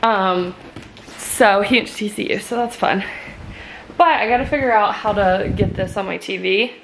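A woman's voice: mid-range voice, moderate pace. A young woman chatting casually in a vlog, gushing and bubbly, with plenty of "like" and "um". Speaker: lifestyle vlogger. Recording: noisy vlog recording.

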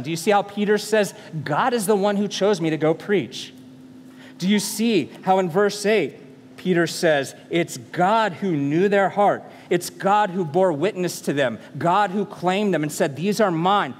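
A male pastor preaching a sermon, animated and full of rhetorical questions, in a church sanctuary. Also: fairly high pitch, in a large hall, a little hiss or hum.

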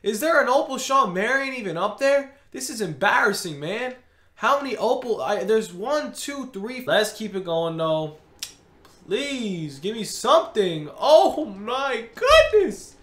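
Male gaming creator, slow exasperated ranting commentary with big pitch swings, roomy echo. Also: sing-song, fairly bright tone. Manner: exasperated, ranting, frequent groans and sighs. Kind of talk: video game pack opening commentary. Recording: roomy echoey recording.

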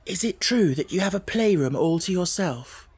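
A man reading an audiobook, voicing a timid, slow, awestruck chubby little girl who speaks hesitantly and with wonder. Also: sits high, expressive, darkish tone, breathy edge, voice pushed up, heavily acted. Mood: awed.

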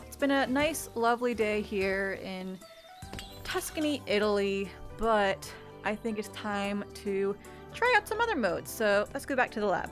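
A woman playing a VR game while commenting live, excitable and often screaming and yelping at the game's characters through her headset mic. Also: mid-range voice, unhurried, faint music behind. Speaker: VR gaming YouTuber.

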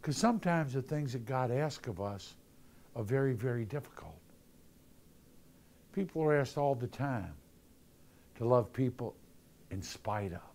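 A man's voice: mid-range voice, expressive, a little slow, gravelly, long pauses, darkish tone. Guy preaching a homily, casual and chatty, tells little jokes. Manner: conversational, jokey storytelling with acted-out voices. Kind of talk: sermon.

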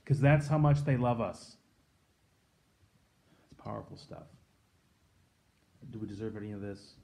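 A man in his thirties reading scripture and then giving an earnest, reflective devotional sermon, letting his voice drop soft and quiet on tender points. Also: fairly low pitch, unhurried, creaky. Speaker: pastor giving a daily devotion.

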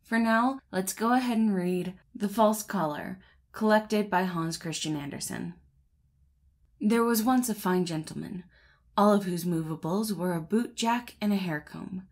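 A woman's voice: medium pitch, unhurried. A woman host narrating a classic fairy tale as an audiobook, greeting listeners in a friendly, chatty way before reading steadily. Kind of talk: storybook narration.

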